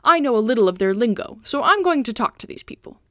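A woman reading the part of a loyal male servant who stays calm and talks his way out of trouble with wry reasoning. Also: a little high, fast talker, no echo, clean studio sound. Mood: reassuring.

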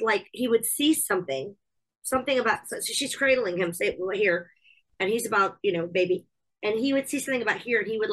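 A woman's voice: medium pitch, fairly bright tone, poor audio. A woman hosting a podcast in casual chat, talking emphatically and repeating herself as she thinks aloud. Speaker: podcast host.

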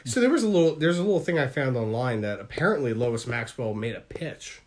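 A man's voice: mid-range voice, expressive, a little fast. A man co-hosting a casual film podcast, asking questions and adding bits of trivia. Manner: asks questions, adds trivia. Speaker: podcast co-host. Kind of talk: casual chat.

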